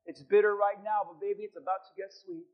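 A middle-aged man preaching a sermon as pastor, dramatic, at times shouting as he acts out prayers. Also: sits high, fairly even intonation, quick pace, muffled recording.

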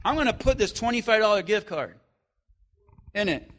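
A man preaching a sermon as pastor, swinging from loud emphatic lines to quiet stretches and joking with his congregation. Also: high voice, lively intonation, moderate pace. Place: church.

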